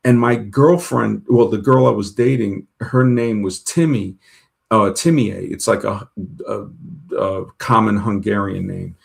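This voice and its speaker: A man's voice: on the low side, unhurried, gravelly. A man telling long personal stories in a casual chat, rambling with many restarts and retold dialogue. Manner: rambling, full of restarts and "she goes" retellings.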